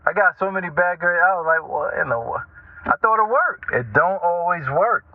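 A man telling casual stories as a radio talk host, animated and chatty, often checking in with the listener. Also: high-pitched, fairly quick. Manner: animated, chatty, keeps asking "right?". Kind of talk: casual storytelling monologue. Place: lives in Norfolk, Virginia. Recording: tinny phone-like line, dry.

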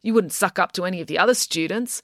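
A woman's voice: on the low side, quick pace, dry recording, clean studio sound, close to an everyday voice. A woman voicing a defiant, sarcastic schoolgirl who argues back at every turn. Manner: argumentative, sardonic.

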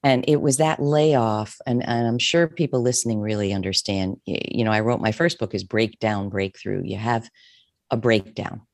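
A middle-aged woman, a therapist and coach, telling her own story in an interview, expressive and emotional, often restarting her sentences. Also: very deep voice, normal speed, no echo, studio quality.

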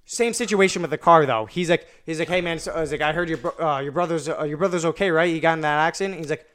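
A young man chats casually as a guest, winding through a story with constant fillers and restarts. His voice sits a little high and sounds smooth and resonant. He talks like he is among friends. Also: fast, few pauses, a bit bright. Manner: rambling, many "like" fillers and restarts. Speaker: podcast guest.

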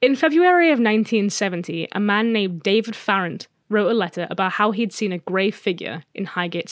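A woman's voice: medium pitch, no room sound, clean studio sound. A woman co-hosting a casual podcast, playfully teasing as she tells a spooky story. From England. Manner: playful, teasing, dramatic pauses. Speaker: podcast co-host.

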